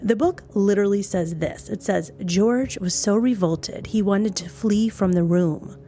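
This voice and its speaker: A woman with a voice of middle pitch hosts a true crime podcast, relaxed and conversational. She tells the story with a skeptical edge and leaps up in pitch whenever she acts out a quote. Faint music plays underneath. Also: unhurried. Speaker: podcast host.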